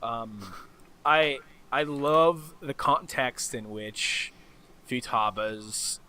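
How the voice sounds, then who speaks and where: A man with a bright, forceful voice talks casually on a podcast, circling back on his words with fillers and restarts. He keeps the conversation moving and hands the floor to others. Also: medium pitch, extremely slow, slight background noise. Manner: rambling, many restarts and fillers, laughs easily. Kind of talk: casual chat about a video game.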